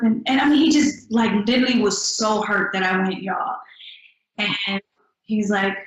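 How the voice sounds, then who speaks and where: A young adult woman, a singer-songwriter, tells stories in a casual interview, upbeat and animated, acting out quotes. Her mid-range voice moves at normal speed, and the recording is muffled and echoey.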